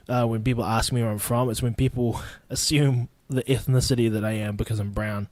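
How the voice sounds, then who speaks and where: A man's voice: mid-range voice, animated, moderate pace, no echo. Young guy rambling on his own podcast, swears a lot, dry close sound. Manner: rambling, laid-back and profane. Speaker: podcast host. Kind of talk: casual solo podcast monologue.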